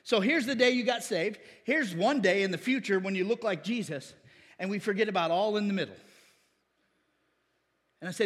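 High-voiced pastor preaching in a reverberant hall. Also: male voice, moderate pace, pauses often, a bit bright, husky. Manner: call-and-response asking amen. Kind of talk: sermon.

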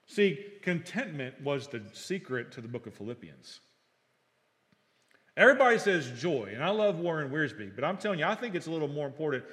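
A middle-aged male pastor preaching a sermon, telling stories and acting out dialogue, swinging between loud and hushed. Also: fairly high pitch, big pitch swings, a little fast. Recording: long reverb of a hall.

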